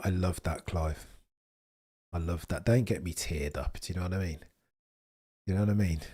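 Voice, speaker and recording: A man's voice: low voice, a little mellow, breathy edge. A man in his thirties hosting a casual livestream, chatty and self-mocking, talking to his viewers with many restarts, sounding tired. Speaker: livestream host.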